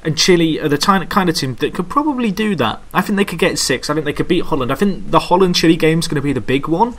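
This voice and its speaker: A man hosting a casual football podcast, giving measured analysis with plenty of hedges like "I think" and "I believe". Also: fairly high pitch, lively intonation, fairly bright tone. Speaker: podcast host.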